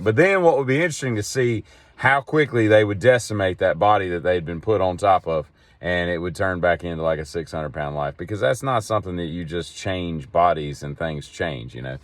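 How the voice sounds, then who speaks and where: A man's voice: low-pitched, no room sound. A middle-aged man, talking in a rambling, wry monologue as a podcast host. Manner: digressive storyteller, wry and exasperated.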